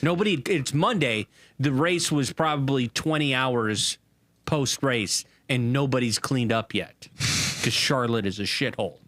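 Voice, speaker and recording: A man's voice: mid-range voice, a little slow, a bit bright, no room sound. A man co-hosting a casual sports podcast, telling stories in a rambling way with lots of fillers. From Southern United States. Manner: rambling storyteller with frequent fillers. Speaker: podcast co-host.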